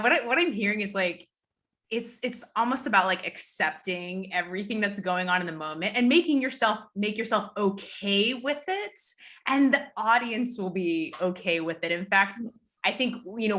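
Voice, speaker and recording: A woman hosting a casual video-call interview, affirming and quick to laugh and agree. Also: medium pitch, pushed and bright. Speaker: interview host.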